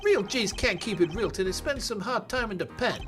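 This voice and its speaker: A brash young street punk who talks tough and slangy, as a streamer acts him out in a video game. His voice bounces around with animated swagger. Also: mid-range voice, moderate pace, music in the background, natural voice.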